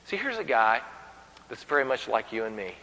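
Brief: a lively man preaching, bright and higher, in a long echoing hall. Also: moderate pace. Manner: animated, humorous storytelling with acted voices. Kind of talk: sermon.

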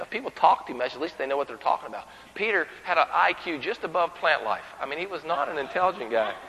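A man's voice: fairly high pitch, gravelly, in a large hall, poor audio. A man preaching a sermon with humor, telling stories and acting out the people in them. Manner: animated, humorous storytelling with acted voices.

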